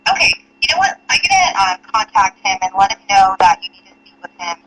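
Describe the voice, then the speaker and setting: Polite, lively-voiced office staffer. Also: mid-range voice, fast, rough recording. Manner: polite, placating.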